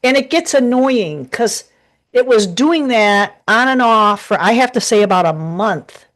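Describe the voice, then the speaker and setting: A tarot reader sits at her desk at home giving a casual live reading, rambling and chatty with many restarts. Her voice is a little high, with lively intonation and a measured pace.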